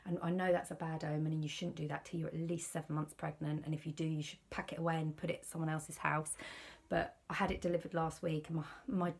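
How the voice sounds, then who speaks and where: Worried British woman, low and husky. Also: little pitch movement, quick pace. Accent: British English. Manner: worried, rambling, confiding. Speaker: vlogger. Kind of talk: candid personal vlog.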